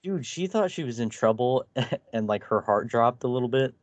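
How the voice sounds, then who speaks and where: A man's voice: medium pitch, lively intonation, normal speed, lo-fi sound, slight background noise. A man co-hosting a podcast, trading crude jokes and mocking impressions, laughing often. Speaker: podcast co-host. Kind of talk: casual comedic commentary.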